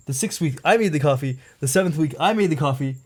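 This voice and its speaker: A man's voice: on the high side, lively intonation, fast talker, a little mellow. A young man on a podcast telling a long personal story in casual chat, rambling and packed with filler words. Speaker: podcast co-host.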